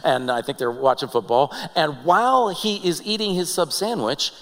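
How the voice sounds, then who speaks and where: Pastor, male, mid-high voice, lively storyteller, reverberant hall sound. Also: moderate pace. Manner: animated storytelling, acting out quoted people. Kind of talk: sermon.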